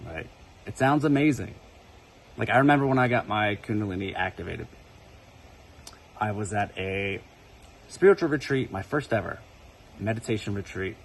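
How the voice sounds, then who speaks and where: A man's voice: fairly low pitch, gravelly, a little hiss or hum, low-quality recording. A man casually telling a personal spiritual story to camera, talking conversationally and often checking in with "right?". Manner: conversational, keeps asking "right?". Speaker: spiritual video creator.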